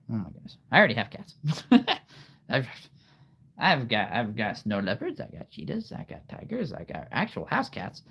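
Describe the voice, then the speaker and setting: A man's voice: medium pitch, wildly swooping pitch, normal speed, gravelly, bright, forceful tone, slightly rough. A man chatting casually on a live stream, rambling and laughing often.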